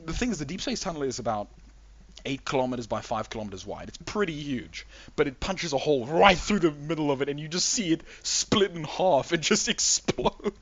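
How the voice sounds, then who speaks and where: A man narrating a tabletop game as game master, enthusiastic and halting, often repeating words. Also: fairly high pitch, big pitch swings, fairly bright tone, no echo. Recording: dull lo-fi mic.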